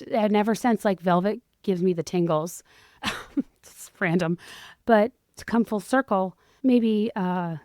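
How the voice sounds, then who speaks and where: A woman in her thirties with a hoarse voice, hosting her own podcast in a chatty, self-deprecating, rambling way. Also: medium pitch, a little mellow, no echo, clean studio sound. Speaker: podcast host. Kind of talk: casual solo podcast chat.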